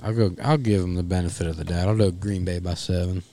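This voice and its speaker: Male co-host, lowish voice, relaxed joking chat. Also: fast talker. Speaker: podcast co-host. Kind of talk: casual sports chat.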